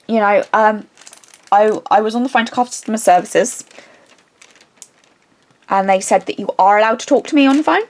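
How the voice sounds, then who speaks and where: A woman's voice: mid-range voice, normal speed, creaky, pauses often. Rambling woman telling a story. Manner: rambling, animated retelling with many restarts. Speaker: craft vlogger. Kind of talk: casual storytelling chat.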